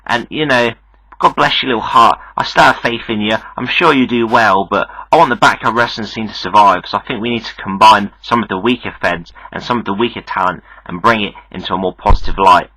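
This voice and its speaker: A man's voice: on the low side, fairly quick, pushed and bright, slightly rough, no room sound, low-quality recording. A young man hosting a podcast, delivering a hyped wrestling promo straight to the fans. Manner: hyped, salesy, addresses fans directly. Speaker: podcast host and backyard wrestler.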